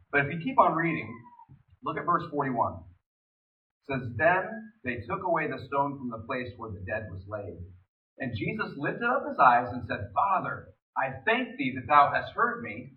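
A male pastor with a fairly high voice that swings widely in pitch as he preaches. He sounds far from the mic in an echoey space. The sound is thin and phone-like. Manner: animated preaching, reads scripture aloud. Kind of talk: sermon.

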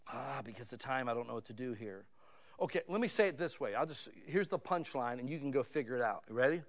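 This pastor preaches in a chatty, conversational manner. His voice drops low for asides and swells into loud, imploring stresses.

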